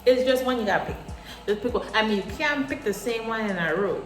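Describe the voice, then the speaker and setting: A young woman vlogger chatting casually while washing her hair, animated, laughing often and swearing freely. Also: fairly high pitch, fast. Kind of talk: casual chat. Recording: echoey room with faint music.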